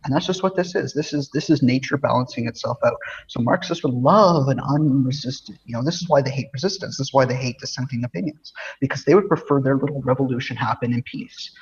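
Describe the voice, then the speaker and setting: A man's voice: mid-range voice, quick pace, breathy edge, muffled recording. A man co-hosting a casual podcast chat, talking emphatically and repeating words as he builds his point. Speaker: podcast co-host.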